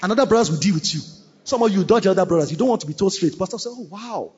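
A man preaching a sermon, animated, mimicking church members and breaking into shouts. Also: sits high, rapid-fire, husky. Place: church hall. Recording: dull recording with long hall reverb.

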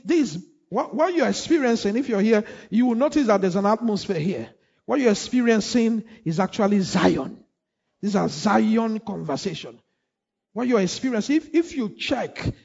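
High-pitched male preacher, repetitive call-and-response sermon, dull lo-fi church recording. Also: vocal fry. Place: church hall.

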